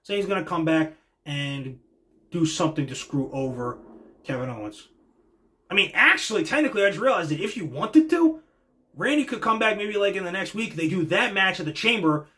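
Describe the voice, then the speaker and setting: Bright and pushed, this man's high-pitched voice moves expressively at a normal speed. He's a podcast host giving a casual wrestling reaction monologue, wandering through his predictions opinionatedly and leaning on lots of fillers.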